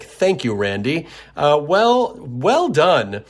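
Hosting his own show, a man from Tennessee gives a friendly, casual podcast intro that rambles and self-corrects. He has a mid-range voice with lively intonation and a moderate pace.

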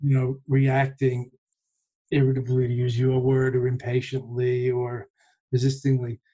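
Mellow-voiced man musing unhurriedly. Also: medium pitch, completely flat delivery. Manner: thoughtful, unhurried, with pauses and restarts. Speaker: podcast host and meditation teacher. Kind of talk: reflective conversational talk.

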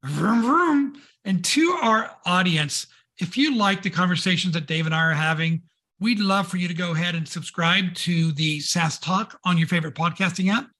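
A man's voice: high voice, normal speed, bright, forceful tone. A man co-hosting a business podcast, upbeat and enthusiastic as he asks and wraps up. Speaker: podcast co-host.

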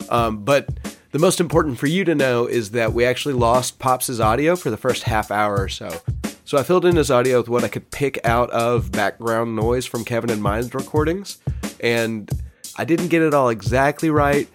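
Easygoing podcast host. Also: male voice, medium pitch, moderate pace, over music. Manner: relaxed, chatty, lots of "like". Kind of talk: casual podcast chat.

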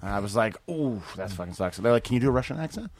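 A man's voice: on the low side, racing, a little hiss or hum. A man in casual podcast chat, telling stories with lots of laughter and swearing. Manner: animated storyteller, laughs often, swears. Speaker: comedian guest.

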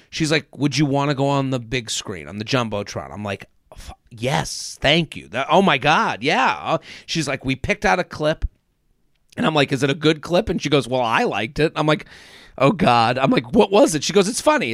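A man's voice: mid-range voice, no room sound, clean studio sound. A male comedian and podcast host telling a long story, acting out quoted voices and working up into a rant. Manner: animated, acts out quoted voices, rants.

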